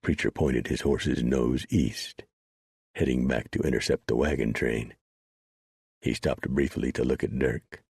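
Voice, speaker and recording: Very deep gravelly audiobook narrator, a man. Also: no echo, clean studio sound. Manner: steady, unhurried storytelling.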